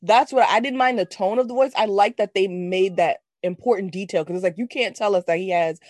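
A woman co-hosting a casual movie review chat, animated and slangy, laughing often. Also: mid-range voice, a little fast, no room sound, clean studio sound. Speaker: podcast co-host.

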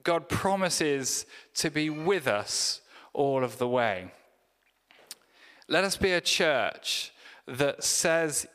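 A man's voice: medium pitch, a bit bright. A man preaching a sermon, in a conversational, humorous storytelling manner. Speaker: pastor. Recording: echoey church hall reverb.

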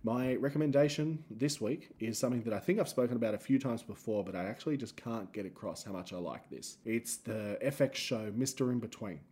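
A man's voice: mid-range voice, fairly quick, hardly any pauses, warm tone. An Australian man hosting a solo podcast, rambling and self-mocking as he tells stories. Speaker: podcast host and comedian.

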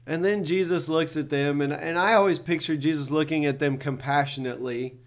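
Earnest pastor, slightly high voice. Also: male voice, steady tone, brisk. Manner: earnest, conversational, repeats words while thinking. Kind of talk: morning devotional talk.

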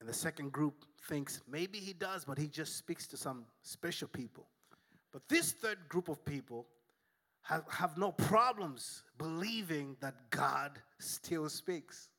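A male pastor delivers a sermon with a bright, forceful edge to his voice. He preaches emphatically, mixing in jokes and calls for the congregation to answer back. His voice sits a touch higher than most men's. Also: expressive, takes it slowly. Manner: emphatic, humorous preaching with call and response. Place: church.

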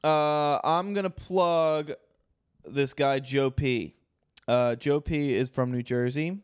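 Profane storytelling man with a smooth voice. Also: on the high side, slow pace, no room sound, clean studio sound. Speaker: podcast co-host. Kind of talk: casual chat.

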